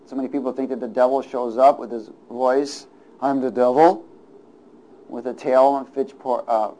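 On poor-quality audio, a medium-pitched male pastor delivers a sermon. He chuckles between points, trades call-and-response asides with his congregation, and swings from quiet comments to loud proclamations.

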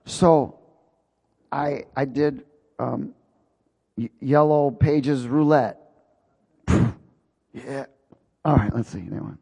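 A man's voice: medium pitch, takes it slowly, gravelly, long pauses, warm tone, slightly rough. Folksy man preaching in a reverberant hall. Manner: folksy, chuckling storyteller. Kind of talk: sermon with personal story.

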